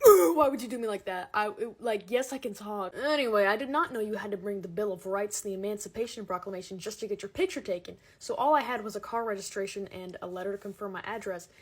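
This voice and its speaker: A woman's voice: mid-range voice, fast talker, hardly any pauses, husky. A teenage girl ranting sarcastically and dramatically to camera in a comedic monologue. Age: teens. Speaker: comedic creator.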